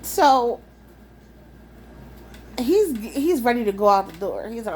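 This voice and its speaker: A young woman telling a wild personal story in a casual, animated, profane way, laughing often. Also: on the high side, unhurried, pauses often, slight background noise.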